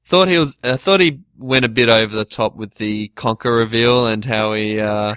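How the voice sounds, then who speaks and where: A man's voice: mid-range voice, normal speed, fairly bright tone, clean tone, no echo. A man co-hosting a casual podcast, reading out forum posts bluntly, with lots of ums and restarts. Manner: blunt, hesitant, with many fillers. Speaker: podcast co-host.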